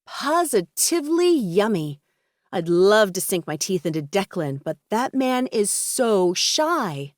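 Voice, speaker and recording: A woman voicing a flirty female celebrity who gushes in a drawn-out, breathy way, read for an audiobook. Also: mid-range voice, very animated, no room sound, clean studio sound, pitched above the performer's own voice. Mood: gushing.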